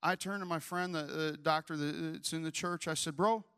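A middle-aged male pastor preaches with a high, bright voice. He moves from telling a story to loud, fervent calls toward the altar. His delivery rises and shouts at its peaks. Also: steady tone, normal speed, clear, resonant tone. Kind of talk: sermon.

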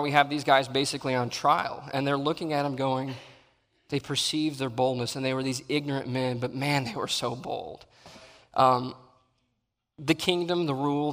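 A man preaching a sermon, acting out Bible scenes and swinging between loud and soft. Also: mid-range voice. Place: church sanctuary. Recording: long reverb in a large hall.

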